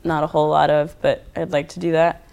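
A man's voice: fairly high pitch, flat delivery, a little fast, creaky, a little mellow, clear, resonant tone. A young man, a guest artist, chatting casually on a podcast, laid-back and rambling with lots of fillers. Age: young adult. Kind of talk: casual chat.

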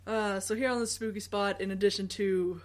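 A woman co-hosts a podcast in loose, casual chat. She jokes, laughs often and swears freely, with a voice of ordinary pitch. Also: steady tone, brisk, slight background noise. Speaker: podcast co-host.

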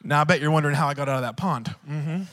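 A man preaches with a high, ringing voice. He moves from fervent, shouted declarations to relaxed storytelling and acts out the voices in his tale. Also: racing, in a large hall, slight background noise. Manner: shifts between loud preaching and quiet storytelling; acts out dialogue in his stories. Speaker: pastor. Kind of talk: sermon with storytelling.

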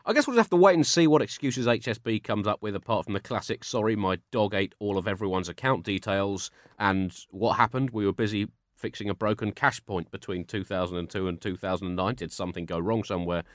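A man's voice: on the low side, fast talker, few pauses, no room sound, clean studio sound. A man co-hosting a satirical comedy chat, with a mock-pompous, newsreader-style delivery. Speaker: comedy podcast co-host.

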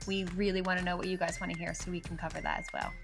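Animated woman chatting with many "like"s. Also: fairly low pitch, racing, creaky, over music. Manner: animated, full of "like" fillers. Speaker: podcast co-host. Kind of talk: casual chat.

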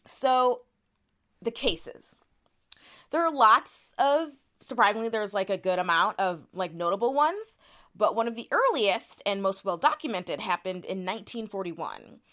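A chatty woman co-hosting a podcast explains a case step by step in a casual, conversational way, with many fillers and restarts. Her medium-pitched voice is expressive, a bit bright, and a little slow.

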